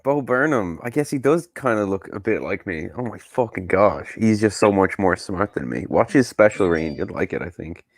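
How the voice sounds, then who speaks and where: Dry low-key man on a call. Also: expressive, moderate pace, hardly any pauses, dry recording. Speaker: podcast co-host. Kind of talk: casual call chat.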